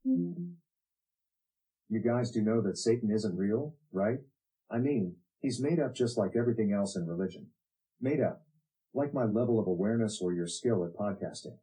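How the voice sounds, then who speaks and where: A synthetic male computer voice making flat, mocking put-downs in a comedy bit. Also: on the low side, normal speed, long pauses, close to an everyday voice, rough recording. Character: snarky male computer voice, dismissive. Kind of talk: text-to-speech comedy bit.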